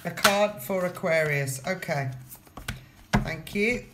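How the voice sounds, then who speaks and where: A woman's voice: on the low side, takes it slowly, very noisy. A woman giving a casual tarot reading, talking straight to the viewer and repeating her phrases. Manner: chatty, repeats phrases, addresses the viewer directly. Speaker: tarot reader.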